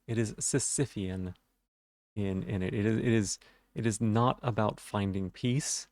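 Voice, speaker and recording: A man's voice: on the low side, measured pace, darkish tone, no echo, studio quality. Stuttering man chatting on a live stream. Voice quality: stutters on some words. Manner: rambling, self-deprecating, talking to chat. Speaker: game streamer. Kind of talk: casual live-stream chat.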